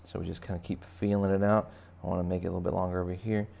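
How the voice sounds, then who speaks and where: A man's voice: sits low, level tone, racing, vocal fry, dark tone. A man teaching kids to draw, chatting casually and making joking asides while he sketches. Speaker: art teacher. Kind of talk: casual drawing tutorial for kids.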